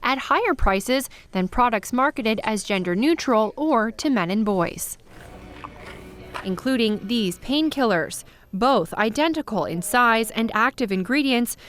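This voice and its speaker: A woman reporting a news story in clear, steady narration. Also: on the high side, a little slow.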